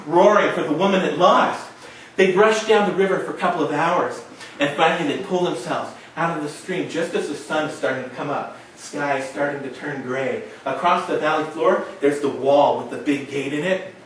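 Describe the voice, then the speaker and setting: A male storyteller performing a tale dramatically, with shouted sound effects. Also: a little high, normal speed, a little hiss or hum. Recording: echoey room, mic far off.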